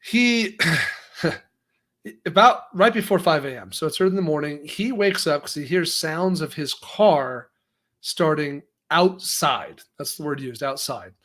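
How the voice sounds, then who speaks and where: A man co-hosting a casual news breakdown, his voice sitting a bit higher than most. He tells the story in a lively, conversational way and often doubles back to restart a sentence. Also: a little slow, a little hiss or hum. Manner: lively, acts out quotes, frequent restarts. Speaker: co-host.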